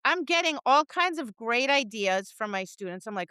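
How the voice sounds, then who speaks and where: A woman co-hosting a dog training podcast, chatting casually and acting out her students and dogs in lively voices. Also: fairly high pitch, normal speed, clear, resonant tone, no echo. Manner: animated storyteller, acts out voices, laughs and swears. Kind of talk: casual chat.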